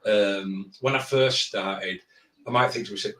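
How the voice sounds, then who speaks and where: A man's voice: fairly low pitch, a bit bright. Distant, echoey man giving tattoo critique. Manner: measured, plain-spoken critique with hesitations. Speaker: tattoo artist and co-host. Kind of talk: live stream critique chat.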